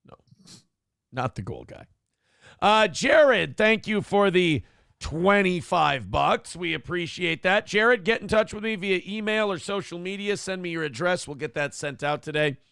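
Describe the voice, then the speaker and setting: Man, talk show host, swearing, exasperated, high voice, gravelly, dry sound. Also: moderate pace, a bit bright, no echo. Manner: profane, exasperated, ranting. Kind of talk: casual talk show rant.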